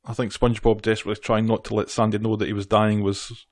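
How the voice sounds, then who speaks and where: A woman co-hosting a podcast, chatty, filling in episode details and gently correcting her co-host. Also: extremely low pitch, little pitch movement, fast talker, no echo. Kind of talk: casual episode recap chat.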